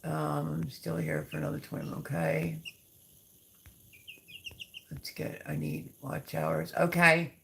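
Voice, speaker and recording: A woman hosting a casual live stream, chatting with viewers and cooing softly to her chicks. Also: low voice, flat delivery, takes it slowly, vocal fry, long pauses. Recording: background noise with bird chirps.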